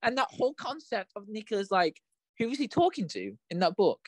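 A man co-hosting a casual film review podcast, reacting with stumbling, quick agreement. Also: high-pitched, very animated, no room sound. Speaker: podcast co-host.

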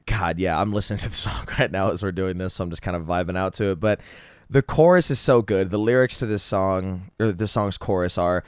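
Deep-voiced man gushing about music. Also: a little fast, clean tone, no echo, studio quality. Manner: enthusiastic, rambling, swears freely. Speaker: podcast host. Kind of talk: casual solo music review.

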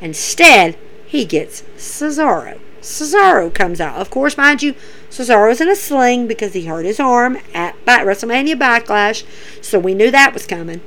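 Chatty woman with a higher voice. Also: normal speed, poor audio. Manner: chatty, repeats herself, animated play-by-play. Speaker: podcast host. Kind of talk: casual recap commentary.

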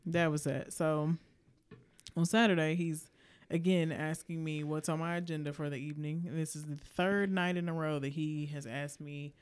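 A woman from Alabama tells a casual podcast story, full of swearing and acted-out lines of the other people in it. Her voice is smooth and clear. It sounds close and dry, with no room echo. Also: sits low, steady tone, moderate pace. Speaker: podcast co-host. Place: indoor podcast studio.

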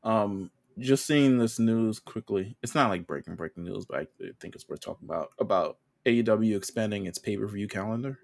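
A man co-hosting a podcast, chatting casually in a relaxed, slangy way. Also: lowish voice, a little fast, creaky, hardly any pauses. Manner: relaxed, loose with fillers and slang. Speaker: podcast co-host. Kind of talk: casual chat.

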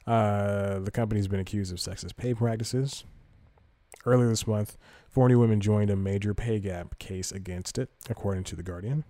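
A man's voice: lowish voice, moderate pace, mellow, dry recording. A man hosting a podcast, reading entertainment news aloud and rambling through it with self-corrections and casual asides. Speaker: podcast host.

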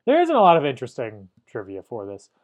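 A man's voice: mid-range voice, huge pitch swings, a little mellow, muffled recording. Dry-humored man reviewing a movie. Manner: dry, wry, reads trivia haltingly. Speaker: podcast host. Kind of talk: casual movie review chat.

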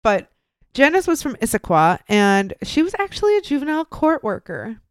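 A young woman co-hosting a podcast, telling a true-crime story in casual, animated chat, swearing freely and acting out the people in it. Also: a little high, normal speed, clear, resonant tone, no room sound, studio quality. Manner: animated, profane, acts out quoted voices. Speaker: podcast co-host.

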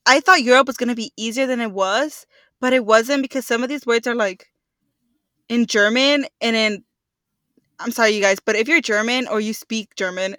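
A young woman, chatting easily as a podcast co-host. Her voice sits fairly high and the recording is dry and close. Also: fairly bright tone, no echo. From Texas. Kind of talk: casual chat.

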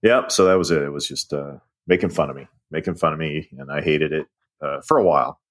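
A man talking as a podcast guest in casual chat, halting with many "uh" pauses. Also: very deep voice.

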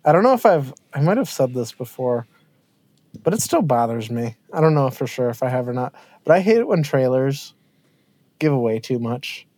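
A man's voice: medium pitch, big pitch swings, moderate pace, a little mellow, no echo. Emphatic man griping, dry sound. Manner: complaining, emphatic. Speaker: podcast co-host. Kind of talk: casual chat.

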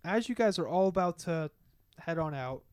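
A man's voice: a little high, animated, normal speed, a little hiss or hum. A man running a tabletop game as game master, narrating and chatting in a loose, casual way and laughing easily.

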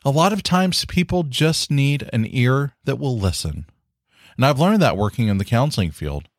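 A man's voice: mid-range voice, animated, normal speed, no echo, clean studio sound. A man hosting his own podcast in casual solo talk, earnest and encouraging, with many fillers like "you know.". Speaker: podcast host.

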